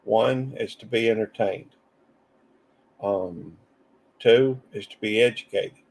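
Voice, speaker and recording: A man with a Southern drawl chats casually to his live stream audience. His voice sits low with a gravelly fry to it. He wanders between thoughts and breaks off to greet viewers from the chat. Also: takes it slowly, a little mellow. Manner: rambling, drawling, reads chat comments aloud.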